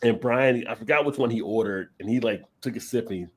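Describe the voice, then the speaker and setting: A man's voice: mid-range voice, fast talker. A man in casual chat on a live stream, telling rambling beer-trip stories and laughing often. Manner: rambling anecdotes with frequent laughter.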